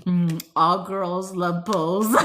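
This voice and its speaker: A woman's voice: medium pitch, a bit bright, a little hiss or hum. Giggly woman hosting a livestream. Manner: giggly, laughs often, switches between English and Spanish; playful and teasing. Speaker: livestream host reading chat. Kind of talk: casual livestream chat.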